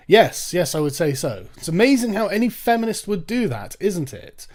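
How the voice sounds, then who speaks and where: A man's voice: high-pitched, big pitch swings, normal speed, few pauses, a little mellow. A young English man giving casual, sarcastic commentary on an article he reads out, swearing and laughing now and then. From England. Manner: sarcastic, swearing, breaks into mocking put-on voices and laughs. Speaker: commentary channel host.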